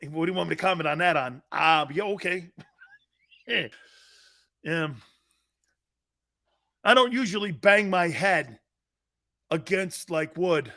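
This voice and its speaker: A high-pitched, bright-toned man hosts a sports talk show and spins animated stories between viewer comments. He laughs hard at his own jokes and talks in a loose, casual way. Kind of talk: casual live-stream chat reading viewer comments.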